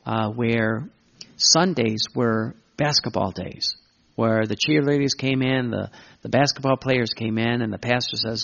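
Guy giving a catholic-style sermon, kinda rough and raspy, stumbles n repeats himself, dull muffled audio. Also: steady tone, unhurried, a bit bright. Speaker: Catholic preacher. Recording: muffled low-fidelity recording.

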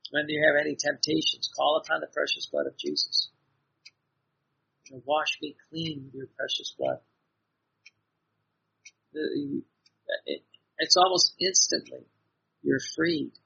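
A man's voice: a little high, gravelly, bright, forceful tone, breathy edge. A man giving an earnest devotional sermon, exhorting his listeners with repeated phrases and frequent restarts, heard on a dull lo-fi recording. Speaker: preacher.

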